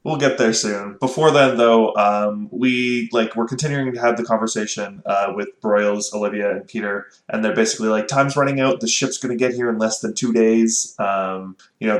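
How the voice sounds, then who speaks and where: A man's voice: fairly low pitch, steady tone, moderate pace, few pauses, reverberant. A young man chatting casually on a podcast, jokey with hesitant fillers. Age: young adult. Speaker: podcast co-host. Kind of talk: casual chat.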